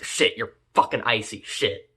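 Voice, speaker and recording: A man's voice: fairly low pitch, measured pace, sharp tone, a little hiss or hum, voice pushed down. A man doing a frantic teenage boy hero. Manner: frantic, pleading, crude.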